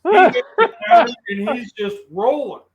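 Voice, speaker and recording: A middle-aged man, a podcast guest, telling a funny story in a casual, animated way. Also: very high-pitched, moderate pace, echoey room, muffled recording, a loud crowd.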